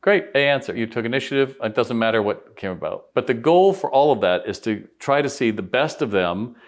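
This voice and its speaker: A man's voice: mid-range voice, animated, a little fast. A man teaching retail sales in a conversational video talk, acting out quoted customers and staff with changed voices.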